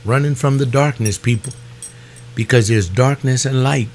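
A man preaching a fervent webcast sermon, pleading with his listeners and rising in pitch on his emotional appeals. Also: moderate pace, darkish tone, slight background noise.

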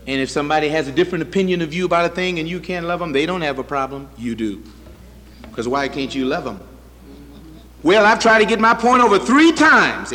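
A man preaching a sermon as pastor, swinging from loud high bursts to quiet low asides. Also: in a large hall.

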